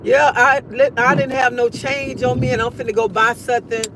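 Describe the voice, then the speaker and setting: A middle-aged grandmother telling a funny family story with lively storytelling while chatting with live viewers from her car. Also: on the high side, normal speed, background noise. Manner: lively storytelling, laughs easily. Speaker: livestream host. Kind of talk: casual chat with live viewers. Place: car, driving to work.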